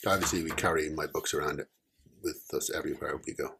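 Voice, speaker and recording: Gravelly deadpan man. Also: a bass voice, fast talker, slight background noise. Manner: dry teasing deadpan. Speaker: podcast co-host. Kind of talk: casual chat.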